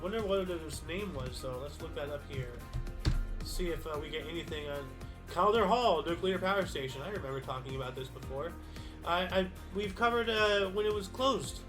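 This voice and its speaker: A man's voice: a little high, expressive, normal speed. A man hosting a casual history stream, reading dates aloud and then musing to himself in loose, rambling asides. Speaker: history show host. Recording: faint background music.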